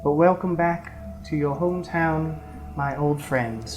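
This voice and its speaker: A woman's voice: low voice, a little slow, a little mellow, soft background music. Woman voicing a gracious noble countess. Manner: gracious, soothing.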